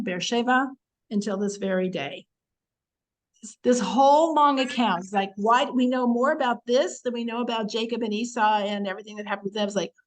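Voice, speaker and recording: A woman teaching the weekly Torah portion in a chatty, animated way, acting out quotes and using many fillers. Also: on the high side, rough recording.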